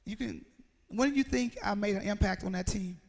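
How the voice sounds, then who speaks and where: A woman's voice: mid-range voice, fairly quick, vocal fry, darkish tone. A woman, giving a motivational speech to students and acting out the dialogue in her story. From Mississippi, USA. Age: 40s. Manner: storytelling, acts out dialogue, quizzes the audience. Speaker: motivational speaker. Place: school assembly hall. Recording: echoey hall reverb.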